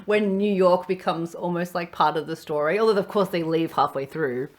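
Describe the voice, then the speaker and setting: A woman's voice: on the low side, moderate pace. A woman on a movie review panel, chatting casually and giggling often.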